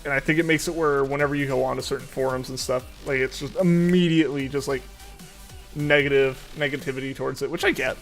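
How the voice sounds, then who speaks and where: A man's voice: medium pitch, steady tone, fast, a bit bright, faint music behind. A young man streaming a game, chatting casually and rambling with many fillers and restarts. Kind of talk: casual chat while gaming.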